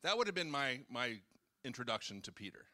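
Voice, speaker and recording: Bright-voiced pastor, chatty and joking. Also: male voice, mid-range voice, sing-song, a little fast. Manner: chatty, jokes and acts out quotes, talks with the audience. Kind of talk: casual conversational sermon. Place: church hall.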